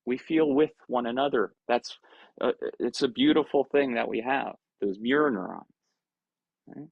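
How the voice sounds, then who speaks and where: A man giving a casual Buddhist talk on a video call, conversational and animated, acting out his own inner voices. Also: medium pitch, normal speed, creaky, breathy edge, no echo, phone-quality sound. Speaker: Buddhist teacher. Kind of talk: dharma talk to an online group.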